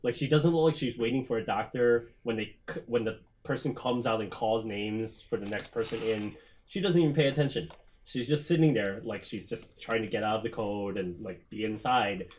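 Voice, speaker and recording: A man's voice: on the low side, moderate pace, a little mellow, slight background noise. Casual male game master narrating. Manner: casual, rambling description with many fillers. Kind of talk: narrating a tabletop horror game.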